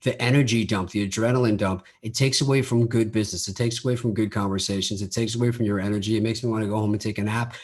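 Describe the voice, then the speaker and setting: A man's voice: fairly low pitch, steady tone, fast talker, hardly any pauses. A man talking casually on his solo podcast, often repeating words as he starts his sentences. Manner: acts out quoted dialogue in his own voice. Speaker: podcast host.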